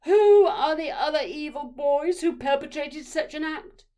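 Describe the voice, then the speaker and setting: A woman voicing a tall, fierce, indignant mother who shouts her accusations slowly and loudly. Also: high voice, lively intonation, pitched above the performer's own voice. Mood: furious. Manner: shouting, slow and loud.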